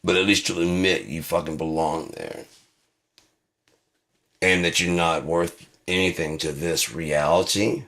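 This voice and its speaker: Gravelly low-voiced man ranting. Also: steady tone, a little slow, fairly bright tone. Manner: profane, acts out both sides of arguments. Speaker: channel host. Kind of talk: angry ranting monologue.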